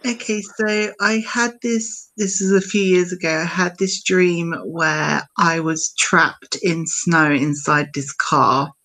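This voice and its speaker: A woman's voice: lowish voice, a bit bright, rough recording. A woman on a podcast, telling a personal story hesitantly, with many fillers. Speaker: guest. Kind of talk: casual storytelling.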